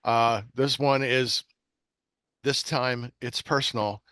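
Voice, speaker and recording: A man's voice: medium pitch, steady tone, takes it slowly, fairly bright tone, clean tone, dry recording. A man hosting a horror podcast, chatting enthusiastically and rambling with plenty of fillers. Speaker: podcast host. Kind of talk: casual chat.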